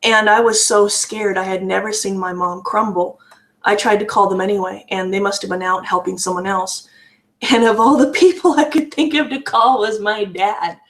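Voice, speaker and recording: Halting, emotionally raw woman's testimony. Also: medium pitch, fairly even intonation. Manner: halting, with frequent restarts and repeated words. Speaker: vlogger sharing a personal story. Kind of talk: candid personal testimony.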